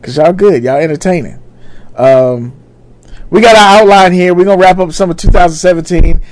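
A man in his thirties, talking in easy, casual chat on a podcast. His voice sits high for a man, and he curses freely. He jokes about himself and about getting old. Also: brisk. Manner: laid-back, profane, self-mocking about getting old. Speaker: podcast co-host.

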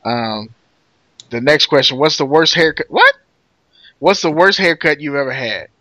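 A man's voice: fairly high pitch, expressive, normal speed, sharp tone, no room sound. A man hosting a podcast in casual chat, reading out questions and giving blunt, profane opinions. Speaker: podcast host. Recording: dry dull lo-fi sound.

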